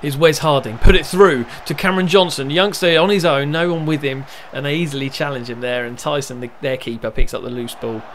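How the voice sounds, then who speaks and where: A man's voice: on the high side, fairly quick, hardly any pauses, slight background noise. Chatty man commentating his football game. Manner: chatty, narrates match events, erupts with excitement at goals. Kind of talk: casual live game commentary.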